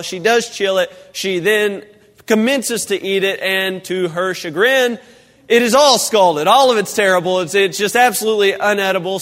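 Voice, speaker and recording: High-voiced pastor in a reverberant church. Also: male voice, fairly bright tone. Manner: folksy storytelling with restarts and asides. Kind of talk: casual sermon. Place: church sanctuary.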